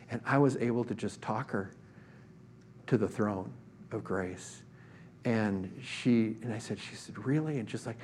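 A man's voice: lowish voice, measured pace, a little mellow, slight background noise. A man preaching a sermon, telling a personal story in a conversational way with many fillers and restarts. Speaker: pastor.

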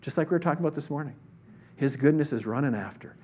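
A man's voice: fairly high pitch, lively intonation, fast talker, a little mellow, a little hiss or hum. A man preaching a sermon, telling a personal story in a conversational way with many fillers and restarts. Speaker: pastor.

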